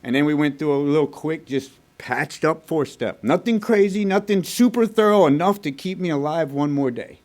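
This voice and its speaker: Profane, fast-talking man from Texas. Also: fairly high pitch, expressive, darkish tone. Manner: blunt, profane, fast-moving storytelling. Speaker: recovery meeting speaker. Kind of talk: personal recovery story told to a meeting. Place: recovery group meeting room.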